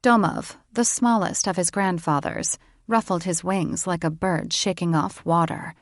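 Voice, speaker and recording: A woman narrating an audiobook in a calm, even storytelling voice. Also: fairly low pitch, moderate pace, no echo, clean studio sound. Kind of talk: scripted narration.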